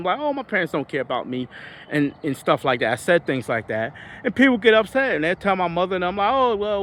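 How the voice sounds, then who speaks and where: Earnest, halting man with a higher voice. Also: slight background noise. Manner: halting, searching for words, earnest. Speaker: vlogger. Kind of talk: reflective personal monologue.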